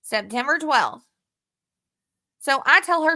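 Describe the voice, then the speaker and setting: Heated, bright-voiced woman venting. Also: on the high side, lively intonation, slow. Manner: frustrated and heated, heavy swearing. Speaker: vlogger. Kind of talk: casual talk to camera, reading out text messages.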